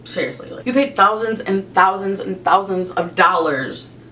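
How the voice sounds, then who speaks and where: A woman's voice: normal speed, sharp tone. A young woman vlogger ranting with a lot of swearing while she does her makeup at home. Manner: profane, exasperated ranting. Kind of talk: rant while doing makeup. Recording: slightly distant mic, faint rumble.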